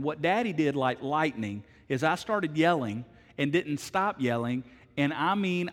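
A middle-aged man preaching a sermon as pastor, telling a story with swings from hushed words to loud, emphatic ones. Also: fairly high pitch, big-room sound.

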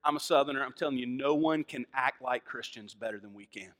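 A man with a Southern American accent preaching a sermon, moving from hushed lines to loud, fervent emphasis. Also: mid-range voice, fairly quick. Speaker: pastor.

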